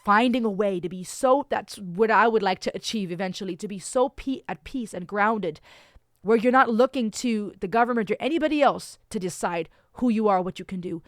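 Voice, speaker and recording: A woman's voice: mid-range voice, brisk, no room sound, studio quality. A woman giving casual, effusive reaction commentary as a vlogger, emphatic and full of restarts.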